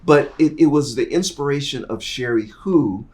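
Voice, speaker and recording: A middle-aged man telling his career story in an interview, acting out the people in it and swinging from quiet asides to loud, excited bursts. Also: moderate pace, noisy background. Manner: animated, acts out dialogue, swings from low asides to loud bursts. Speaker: interview guest.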